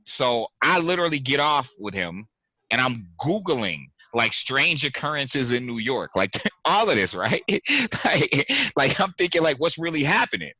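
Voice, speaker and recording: A man hosting a casual podcast, telling an animated story, acting out quotes and laughing. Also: medium pitch, a little slow, husky, dry recording. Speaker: podcast host. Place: home basement.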